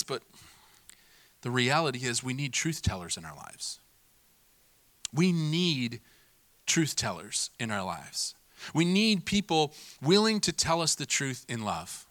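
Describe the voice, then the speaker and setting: A man preaching a sermon in a lively, conversational way, mimicking people in quick voices and laughing at himself. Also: high-pitched, no room sound. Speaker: pastor.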